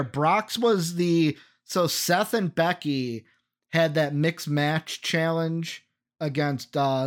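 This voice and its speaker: A man co-hosting a wrestling podcast in casual chat, reeling off facts and giving blunt opinions. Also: a little high. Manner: lists facts matter-of-factly, blunt opinions. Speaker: podcast co-host.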